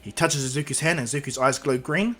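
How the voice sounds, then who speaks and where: A man's voice: mid-range voice, quick pace, a bit bright, breathy edge. A man casually retelling a fan-made story, rambling with restarts and asides.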